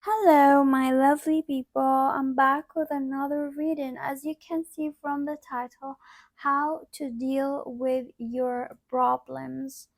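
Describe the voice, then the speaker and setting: A woman with a sick, cracking voice giving a casual pick-a-card tarot reading, rambling and often trailing off quietly. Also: high-pitched, flat delivery, slow pace, dry recording. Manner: rambling, repeats "like", drops to quiet asides. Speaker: tarot reader.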